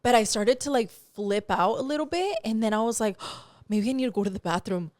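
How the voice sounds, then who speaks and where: A woman with a fairly high voice, co-hosting a podcast in casual chat. She tells a lively, profane story full of acted-out quotes. Her voice sounds dry and close, with no room sound. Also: fast, no echo. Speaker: podcast co-host.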